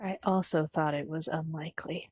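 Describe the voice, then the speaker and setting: A woman's voice: deep voice, fairly even intonation, normal speed, a little mellow, breathy edge, dry recording, studio quality. A woman playing in a casual tabletop game, often laughing as she talks. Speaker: player.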